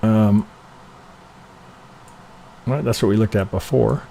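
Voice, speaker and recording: A man's voice: on the low side, slow, creaky, dark tone. A man reviewing trading charts on a live stream, thinking aloud casually, swearing freely and checking in with "right?" after nearly every point.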